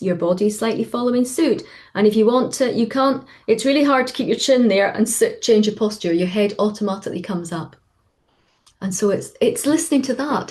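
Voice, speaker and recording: A middle-aged woman coach talks in a relaxed, chatty way over a video call. She slips into quoted voices as she tells stories from her work, with her pitch rising high for them. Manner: animated storytelling, acting out quoted voices. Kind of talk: casual webinar talk.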